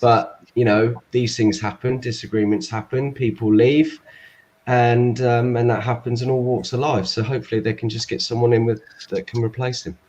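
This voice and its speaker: A man on a fan show giving his opinion in casual chat, hesitant and halting over a video call. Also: medium pitch, little pitch movement, darkish tone.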